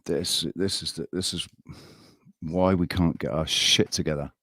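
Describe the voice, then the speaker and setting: A man hosting a live stream, ranting in a heated, halting way and swearing often. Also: low-pitched, steady tone, fairly bright tone, breathy edge, no echo, clean studio sound. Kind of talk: casual live-stream chat.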